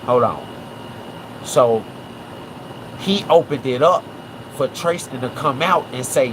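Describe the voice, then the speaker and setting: A Memphis man with a mid-range voice hosts a casual livestream, breaking down a case in an animated way. He speaks slowly, pausing often, and keeps checking in with "right?" and "watch this" over background noise.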